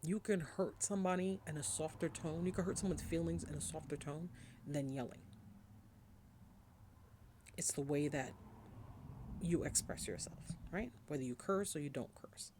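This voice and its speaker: A woman's voice: low voice, normal speed, long pauses, darkish tone, a little hiss or hum. A woman, hosting a podcast as a casual, rambling monologue, blunt and chatty with casual swearing. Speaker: podcast host.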